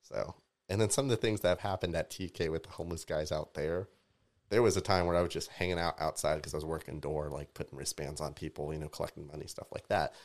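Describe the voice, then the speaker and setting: Very deep-voiced man telling stories. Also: fast. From Tampa, Florida. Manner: animated storyteller, voices rise sharply in quoted outbursts. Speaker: podcast guest, DJ and music producer. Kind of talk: casual storytelling chat.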